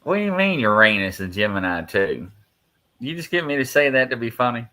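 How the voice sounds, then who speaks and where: A man's voice: medium pitch, big pitch swings, brisk, bright, forceful tone. A man hosting a casual live podcast, reading listener questions and teasing his co-hosts with a playful, laughing manner.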